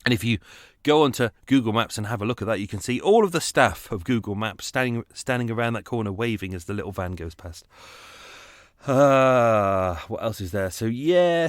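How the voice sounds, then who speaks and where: A man hosting a true-crime podcast in a loose, chatty way, wandering into asides and chuckling at his own tangents. His voice sits fairly low. The sound is dry and close, with almost no room in it. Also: no echo. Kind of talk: casual rambling podcast narration.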